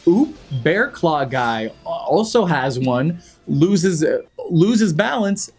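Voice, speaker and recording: A young man recaps an animated film with dry sarcasm and quick jokes, slipping into little character voices. His voice sits a bit high. Faint music plays underneath. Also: husky. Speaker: movie reviewer. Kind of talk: comedic movie recap.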